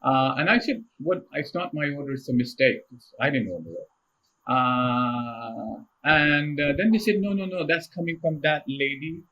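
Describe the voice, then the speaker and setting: A middle-aged man tells stories as a podcast guest. His voice sits a little high for a man and has a forceful, bright edge. He laughs often as he tells his stories. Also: moderate pace, muffled recording. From India. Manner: animated, laughs often while telling anecdotes. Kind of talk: casual storytelling interview.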